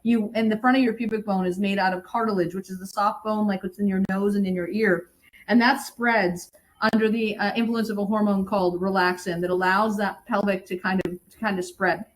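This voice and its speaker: A middle-aged woman, a birth educator, explaining in lively conversation and sometimes acting out what new mothers say. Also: mid-range voice, a little fast, rough recording. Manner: animated, acts out quoted moms.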